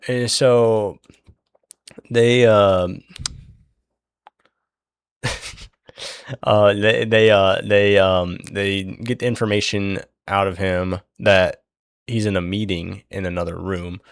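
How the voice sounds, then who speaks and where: A young man with a low, gravelly voice retells a book's plot in a loose, rambling way. He swears freely and leans on filler words. The recording is dry and close. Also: steady tone, slow pace, long pauses, no room sound. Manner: rambling, profane, many fillers. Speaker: book recap host. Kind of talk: casual book recap.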